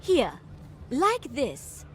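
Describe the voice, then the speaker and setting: A woman's voice: sits high, huge pitch swings, very slow, faint music behind, full character voice. An actress playing a prim, etiquette-obsessed noble lady in a video game, fussy and affected.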